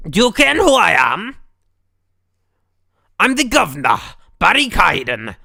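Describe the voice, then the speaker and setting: A gruff Scottish prison governor from a story game, loud and blustering, as a man puts him on. The voice is bright and swings widely in pitch. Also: huge pitch swings, measured pace, no room sound, studio quality, exaggerated voice. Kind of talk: game dialogue read aloud.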